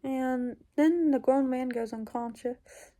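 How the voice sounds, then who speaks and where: Rambling woman with a very dark, mellow voice. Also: high-pitched, takes it slowly. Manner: rambling, full of "like" fillers, drops into whispers. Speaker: YouTuber. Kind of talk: casual storytelling, recounting a dream.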